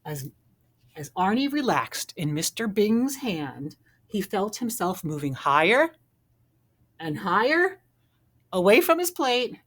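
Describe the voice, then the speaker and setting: Animated woman reading a picture book. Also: medium pitch, slow pace, long pauses. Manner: expressive, animated narration. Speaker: storybook reader.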